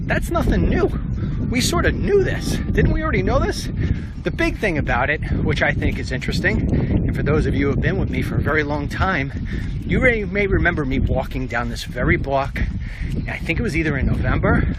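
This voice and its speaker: Animated man ranting on a noisy street. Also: on the high side. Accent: New York. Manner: animated, ranting, acts out quoted voices. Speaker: political commentator and show host. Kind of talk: walk-and-talk vlog monologue. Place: outdoors on a city street.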